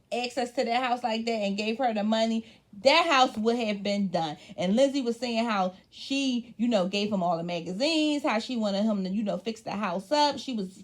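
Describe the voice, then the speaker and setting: Woman, slightly high voice, blunt and cussing, casual recap chat. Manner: blunt, profane, animated storytelling. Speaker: reality TV recap host.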